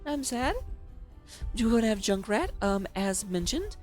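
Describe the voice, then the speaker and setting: A woman's voice: medium pitch, big pitch swings, a little fast, a little mellow, faint music behind. A woman casting a live esports match as its host, chatty and playful, joking between the picks. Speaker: esports caster.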